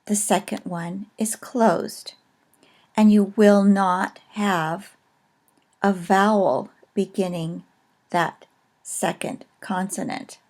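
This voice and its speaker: Slow-talking woman teacher, careful and patient, lots of pauses between words. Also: mid-range voice, darkish tone. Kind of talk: recorded lecture on a language.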